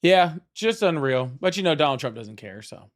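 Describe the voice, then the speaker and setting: A man's voice: on the high side, sing-song. A man hosting a live political call-in stream, chatting casually and pressing callers hard. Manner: argumentative, quick to press callers.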